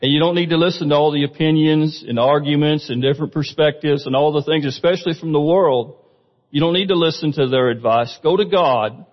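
A man preaching a sermon in a conversational way, often asking the congregation questions. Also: fairly high pitch. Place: church sanctuary. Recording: muffled recording with long hall reverb.

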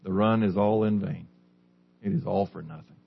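A man delivers a sermon in a low, husky voice, putting questions to his listeners and then answering them. The recording is dull and lo-fi. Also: steady tone, moderate pace. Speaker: pastor.

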